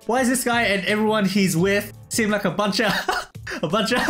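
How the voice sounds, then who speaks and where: A man casually commentating his gameplay, excitable, laughing often and saying "bro" all the time. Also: high voice, measured pace, music in the background. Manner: excitable, laughs a lot, says "bro" constantly. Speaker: gameplay streamer. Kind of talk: casual let's play commentary.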